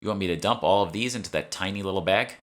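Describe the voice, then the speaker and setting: A man's voice: low voice, quick pace, a bit bright, pitched above the performer's own voice. A man doing a dry, wary young woman. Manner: dry, wry questions.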